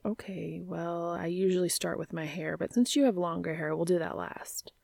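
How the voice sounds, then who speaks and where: A woman voicing a gentle, teasing young man in a story she reads aloud, speaking in a soft, hushed way. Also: fairly low pitch, moderate pace, creaky, no echo, studio quality.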